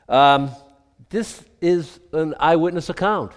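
A male pastor delivers a sermon in a loose, conversational way, joking and circling back on his words. His voice sits slightly higher than most men's, with frequent swings between soft asides and louder bursts. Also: expressive, moderate pace, big-room sound. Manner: conversational, jokey, many restarts and asides.

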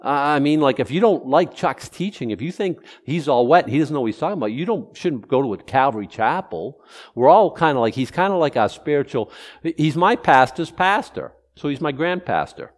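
A man's voice: fairly high pitch, expressive, brisk. A middle-aged man preaching a casual, rambling sermon to his congregation, breaking off and restarting his thoughts. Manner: rambling, conversational, self-interrupting. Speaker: pastor. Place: church sanctuary.

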